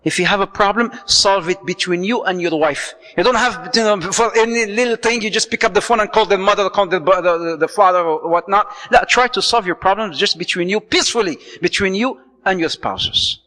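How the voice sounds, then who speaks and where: A man giving a playful, lively lecture on marriage to a congregation, dropping Arabic phrases into his talk. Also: high voice, brisk, few pauses. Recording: long hall reverb.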